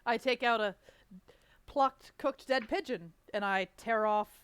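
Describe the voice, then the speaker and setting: A woman's voice: on the high side, measured pace, clear, resonant tone, no echo. A woman playing a tabletop game, stating her character's actions plainly. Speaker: player.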